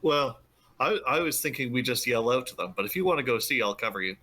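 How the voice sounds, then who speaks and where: A man's voice: medium pitch, expressive, fast talker, sharp tone. A man playing in a tabletop game, talking through his plans with hesitant restarts. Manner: hesitant, thinks aloud. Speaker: player.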